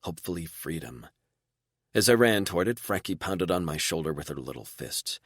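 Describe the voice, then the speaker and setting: A very deep-voiced man narrates an audiobook in steady, even first-person storytelling at a normal speed. The recording is dry and close-miked, with no room sound at all.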